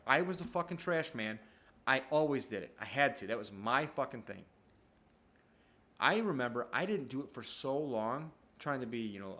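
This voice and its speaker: A man's voice: medium pitch, fairly bright tone. A man at home telling a rambling, profane story in a casual monologue. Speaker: vlogger. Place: at home, downstairs.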